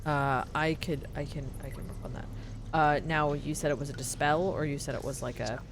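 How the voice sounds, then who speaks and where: Low-voiced, chatty woman player. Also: steady tone, brisk, background noise. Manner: chatty, playful, stumbling restarts. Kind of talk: casual tabletop game chat.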